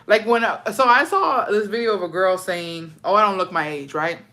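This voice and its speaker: A woman's voice: medium pitch, normal speed, pushed and bright. A woman host chatting casually and reading viewer stories aloud, slangy and swearing freely. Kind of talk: casual chat and story reading.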